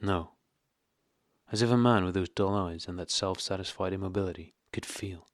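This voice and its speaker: A man narrating an audiobook of a classic novel in a measured, steady reading. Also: low voice, no room sound, clean studio sound.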